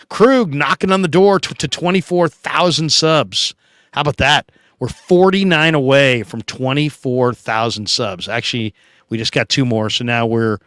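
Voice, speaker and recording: Host, male, middle-aged: laid-back live-stream chatter, close dry mic, mid-pitched voice. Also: fairly bright tone, clean tone, dry recording. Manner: chatty, laid-back, reads comments aloud with quick asides. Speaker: podcast host reading viewer comments. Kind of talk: casual live-stream chat.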